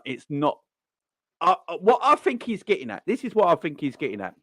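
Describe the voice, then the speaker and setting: A man hosting a casual fan live stream, rambling and excitable, full of slang and shout-outs. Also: on the high side, no echo. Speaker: fan channel host.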